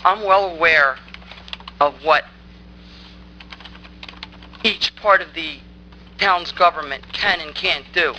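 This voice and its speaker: A woman stands at a town council meeting and tears into the council, angry, accusing and insistent. Her voice is sharp and strained with force throughout. A faint hiss sits under the recording. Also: lowish voice, slow pace, pauses often, poor audio. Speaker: resident speaking at public comment. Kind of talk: public comment at a council meeting.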